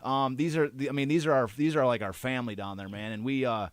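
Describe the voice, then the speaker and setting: A man co-hosting a podcast, telling rambling anecdotes with many restarts and fillers, getting animated and laughing as he tells them. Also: mid-range voice, fast, no room sound. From Detroit area. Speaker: podcast co-host. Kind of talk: casual chat.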